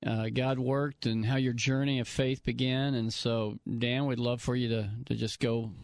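A man, a pastor co-hosting a radio talk show, speaking in a calm, halting way. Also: medium pitch, dry recording. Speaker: pastor, co-host.

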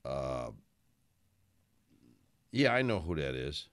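A man's voice: a bass voice, sing-song, takes it slowly, a bit bright, clear, resonant tone, no room sound. A man hosting a radio show, chatting casually and telling rambling, folksy stories in a studio. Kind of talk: casual on-air chat.

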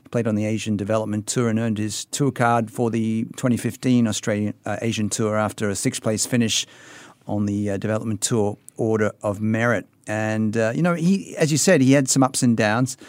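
Low-voiced male radio interviewer. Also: steady tone, darkish tone, dry recording. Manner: measured, brief listening replies.

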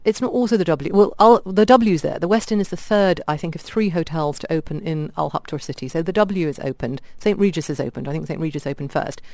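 Fast-talking woman, chatty storyteller. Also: sits low, dark tone, no room sound. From India. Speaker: radio guest reviewer. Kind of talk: casual radio chat.

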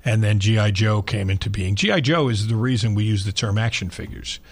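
Gravelly, husky host from Long Island. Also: male voice, fairly low pitch, a little fast. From Long Island, New York. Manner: rambling, animated storyteller. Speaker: sports radio host. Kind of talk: casual sports radio chat.

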